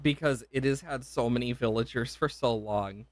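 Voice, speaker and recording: A man's voice: mid-range voice, normal speed, dry recording. A young man livestreaming a game, emotional and gushing, rambling with self-interruptions and repeated thanks. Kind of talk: live gameplay stream chat.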